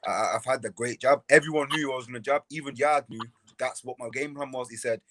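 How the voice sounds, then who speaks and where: A man's voice: mid-range voice, fast talker, fairly bright tone, a little hiss or hum. A young man, a boxer, talking casually as a podcast guest, often repeating words and restarting his sentences. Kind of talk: casual interview talk.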